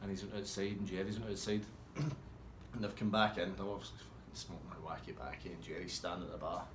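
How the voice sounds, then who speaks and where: A man's voice: sits low, steady tone, a little fast, echoey room, background noise. A man telling a rambling, swear-heavy anecdote in a casual way. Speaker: storyteller.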